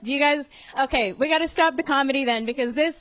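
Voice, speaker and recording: A woman from Alberta works the room with brash, teasing stand-up. Her voice is high. The sound is dry and dull, as on a lo-fi live tape. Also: quick pace, no echo. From Alberta, Canada. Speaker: stand-up comedian. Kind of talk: stand-up comedy set. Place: comedy club.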